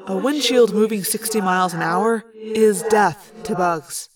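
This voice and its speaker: A woman reading the part of a calm, dry-witted teenage boy, voiced lower and softer than her narration. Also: a little slow, over music, close to an everyday voice. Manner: calm, dry, soft-spoken. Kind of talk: audiobook character reading.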